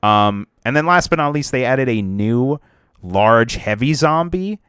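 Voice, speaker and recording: A man's voice: medium pitch, animated, a little slow, fairly bright tone, clean tone, no echo, clean studio sound. A young man co-hosting a casual podcast about video games, rambling with lots of fillers and restarts. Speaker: podcast co-host.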